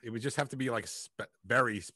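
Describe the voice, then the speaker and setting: A laid-back man hosts a casual chat over a video call. He is easygoing and agreeable with his guest. His voice is bright and forceful, and the sound is dry and close. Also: medium pitch, fast talker, dry recording. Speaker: host.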